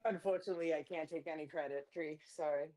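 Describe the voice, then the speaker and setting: A woman hosting a live stream, telling crude, laughing gossip stories in a casual chat. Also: quick pace. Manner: profane, laughing, animated gossip; mimics others in a high squeaky voice.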